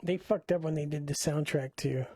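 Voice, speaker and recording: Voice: mid-range voice, fairly even intonation, moderate pace, darkish tone, dry recording. A co-host in casual chat, blunt and contrarian, swearing freely.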